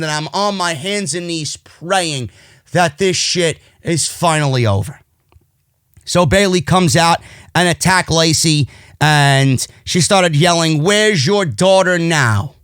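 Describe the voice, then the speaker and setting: A man with a New York accent and a high, fairly bright voice rants through a wrestling show recap, sarcastic, exasperated and swearing often. The recording is clean studio sound with no echo.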